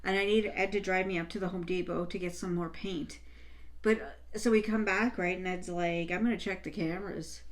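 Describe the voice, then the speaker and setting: A woman's voice: on the low side, steady tone, brisk. A woman from Canada with a Canadian English accent, co-hosting a casual chat and telling a story in a rambling way, full of fillers and swearing. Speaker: co-host.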